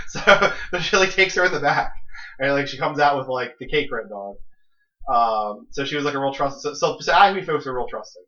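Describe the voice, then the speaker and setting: A man's voice: mid-range voice, a little fast, sharp tone. A young man hosting a podcast, telling a long story in casual chat with lots of restarts and fillers. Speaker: podcast co-host. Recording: dull lo-fi podcast audio.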